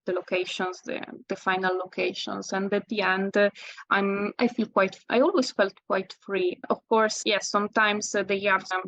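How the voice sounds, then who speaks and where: A woman from Italy speaking English with an Italian accent, a guest in an interview, talking in halting phrases with fillers and self-corrections. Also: mid-range voice, level tone, fairly bright tone, no room sound, lo-fi sound. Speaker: guest landscape photographer. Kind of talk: casual interview.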